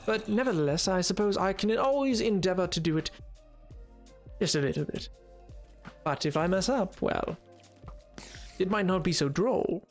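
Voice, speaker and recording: A man's voice: high-pitched, animated, moderate pace, pauses often, soft background music. A man streaming a game, casually rambling with internet slang and frequent filler words. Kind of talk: live game-stream commentary.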